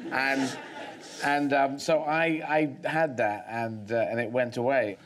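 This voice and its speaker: A man's voice: medium pitch, fairly even intonation, unhurried. A man as a guest on a talk show, speaking thoughtfully, rambling, with many restarts.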